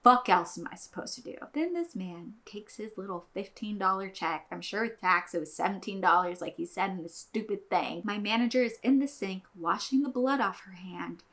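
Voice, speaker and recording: A woman's voice: medium pitch, animated, normal speed, hardly any pauses, a bit bright. A woman hosting a podcast, telling a work story in a blunt, profane, exasperated way. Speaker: podcast host. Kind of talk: casual storytelling.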